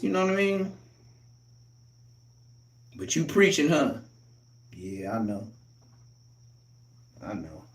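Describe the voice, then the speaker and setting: A man doing a loud, profane, heated comic rant as a live streamer, recorded in an echoey room. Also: on the high side, far from the mic.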